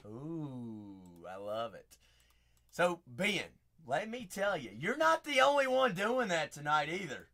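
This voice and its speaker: Raspy-voiced chatty male stream host. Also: fairly high pitch, big pitch swings, slow. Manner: chatty, hypes up viewers, shouts out names. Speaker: card break host. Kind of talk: live stream chat.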